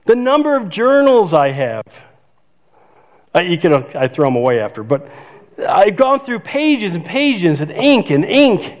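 A man's voice: high voice, big pitch swings, measured pace. An older man preaching a sermon as pastor, conversational and self-joking, laughing at his own remarks. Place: church sanctuary. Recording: dull reverberant church hall.

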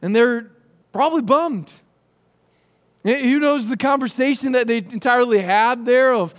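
A man's voice: very high voice, normal speed, pauses often. A man preaching a sermon, retelling a scripture story with jokes and acted-out voices. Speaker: pastor.

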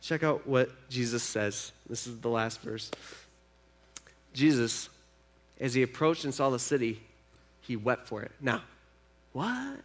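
A man preaching a sermon in a conversational way, moving from hushed, slow remarks to loud, emphatic ones. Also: mid-range voice, lively intonation. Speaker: pastor.

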